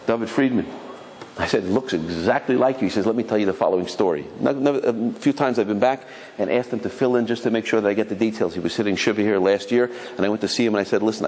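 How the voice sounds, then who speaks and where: A man, a rabbi, telling a story to his congregation in a lively sermon style, acting out the voices of the people in it. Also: lowish voice. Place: synagogue hall. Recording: long hall reverb, faint ambience.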